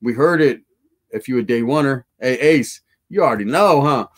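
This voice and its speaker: A man's voice: mid-range voice, normal speed. A man telling a profane, slangy street story to his live chat.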